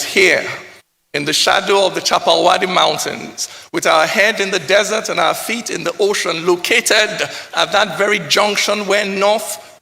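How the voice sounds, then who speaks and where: Nigerian poet, gravelly voice, echoing hall. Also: male voice, sits high, sharp tone. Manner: rhythmic, rising oratorical delivery with pidgin phrases. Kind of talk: spoken word performance. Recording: hall reverb.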